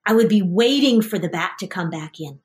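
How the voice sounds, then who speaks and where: Her voice sits on the low side and moves fairly quickly. She's a middle-aged woman, an anxiety therapist and podcast host, who coaches a parent and child in session and tells vivid stories, acting out the scenes in character voices.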